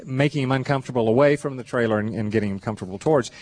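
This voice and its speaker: Male host, thoughtful interviewer, halting delivery, medium pitch. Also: a little mellow. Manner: thoughtful, halting, many restarts. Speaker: show host. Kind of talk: live show interview.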